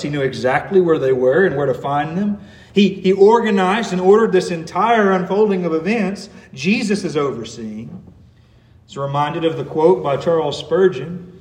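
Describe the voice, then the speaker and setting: A man preaching a sermon, earnest, growing emphatic and then softening on tender words. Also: fairly high pitch, roomy sound. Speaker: pastor.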